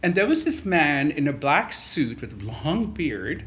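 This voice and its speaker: A man who is a Catholic priest, telling a personal story in a conversational interview, animated and laughing often. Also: on the high side, unhurried, a little hiss or hum.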